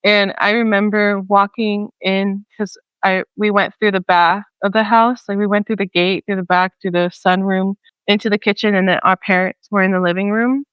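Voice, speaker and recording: A young woman talks casually on a podcast, chatty and loose, stringing thoughts together with plenty of fillers. Her voice is smooth and clear in a dry, close space. The sound is a little dull and lo-fi. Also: mid-range voice, little pitch movement, moderate pace, no room sound. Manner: chatty, many fillers, acts out quoted voices. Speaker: podcast co-host. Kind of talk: casual chat.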